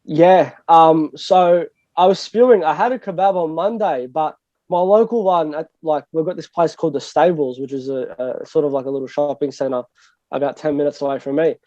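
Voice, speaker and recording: A young man with an Australian accent rambles through a casual podcast chat, laughing at himself and swearing freely. His voice sits a little high but sounds dark and mellow. The recording is dry and a bit dull. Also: normal speed, no room sound. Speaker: guest DJ and producer.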